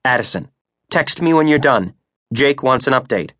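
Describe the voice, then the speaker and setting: A man reading a brisk, wry woman manager. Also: mid-range voice, lively intonation, a bit bright, no echo, clean studio sound. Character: sharp, spunky female operations manager. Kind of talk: audiobook character voice.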